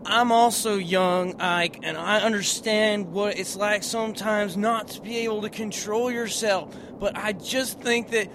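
Earnest lecturing boy, played by a man, high voice, noisy outdoor take. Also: fairly even intonation, unhurried, few pauses. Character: young boy from the storm-hit family.

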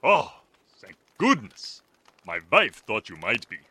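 Guy doing a husky viking innkeeper for a radio comedy sketch, super swoopy and eager. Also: mid-range voice, wildly swooping pitch, slow pace, pushed and bright, dry recording, exaggerated voice. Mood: confiding. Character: hearty middle-aged Viking innkeeper man.

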